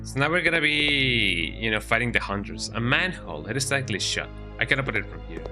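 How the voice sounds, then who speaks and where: A man's voice: medium pitch, expressive, fairly quick. Rambling young man streaming a game. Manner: rambling, talks sweetly to his cat in baby talk. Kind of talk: casual gameplay commentary. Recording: game music behind the voice.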